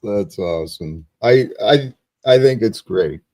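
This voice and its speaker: Male host, mid pitch, dry close sound, upbeat and easygoing. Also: expressive, a little slow, mellow, dry recording. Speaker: show host. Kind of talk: casual chat.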